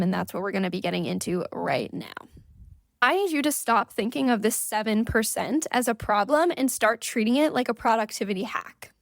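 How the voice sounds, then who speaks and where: Chatty higher-voiced woman podcast host. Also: creaky, no echo, studio quality. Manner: chatty and playful, with sudden sing-song rises and quick asides. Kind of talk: casual solo podcast chat.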